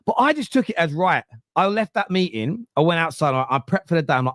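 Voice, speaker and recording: A man's voice: fairly high pitch, quick pace, no room sound. East London man, 30s, football pod host, London accent, blunt swearing storyteller, dry close sound. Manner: animated storyteller, swears freely, acts out quotes. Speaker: podcast host. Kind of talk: casual football podcast chat.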